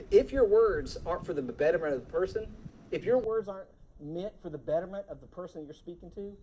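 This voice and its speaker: Preacher, church sermon, mid-pitched voice, lively and conversational, faint hiss behind. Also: rough recording. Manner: lively, acts out scolding voices and laughs.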